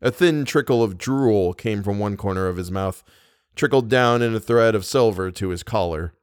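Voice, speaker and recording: Man reading a story in a deadpan voice. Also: on the low side, normal speed, smooth, dry recording, studio quality. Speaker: podcast narrator. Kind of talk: scripted narration of a short story.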